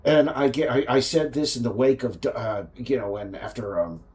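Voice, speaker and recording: A man's voice: medium pitch, moderate pace, darkish tone. An American man, a game developer, rambling and ranting on a casual livestream, with frequent restarts.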